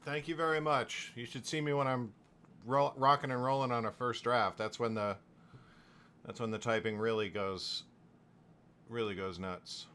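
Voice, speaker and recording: A man chats loosely to his stream audience about his writing, tripping over restarts as he goes. His voice is bright and forward. A faint hum of room noise sits underneath. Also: medium pitch, steady tone, moderate pace. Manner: rambling, with frequent restarts and chuckles. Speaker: novelist livestreaming his writing. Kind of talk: casual livestream chat.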